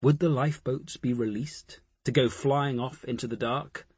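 A man reading a science fiction audiobook as narrator, in a measured, deliberate way. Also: mid-range voice, fairly even intonation, a little mellow, husky, no room sound. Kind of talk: scripted narration.

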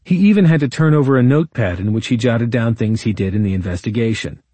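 A man narrating his own legal case as a first-person true-crime audiobook, in a measured, indignant storytelling manner. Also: mid-range voice, dark tone, husky, dry recording.

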